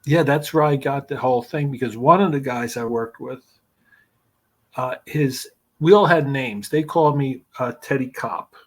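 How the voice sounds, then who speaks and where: Husky man telling profane stories. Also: mid-range voice, normal speed. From New York. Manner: profane, rambling anecdotes. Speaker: guest, screenwriter. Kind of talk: casual storytelling.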